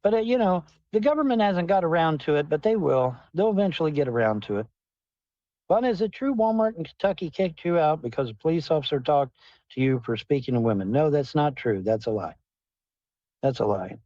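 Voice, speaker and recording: A man with a higher pitch and a mellow, dark tone rambles profanely through a livestream, answering the chat from his car. The sound is dry and lo-fi. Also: animated, brisk, no echo. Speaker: livestream host. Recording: dull, dry lo-fi stream audio.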